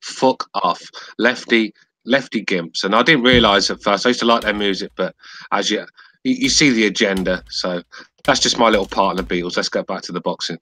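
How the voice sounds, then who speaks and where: A man on a podcast panel with a low, sharp, forceful voice. He talks bluntly and swears a lot, and the sound is dry and close. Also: fairly quick, no room sound, low-quality recording. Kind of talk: casual podcast chat.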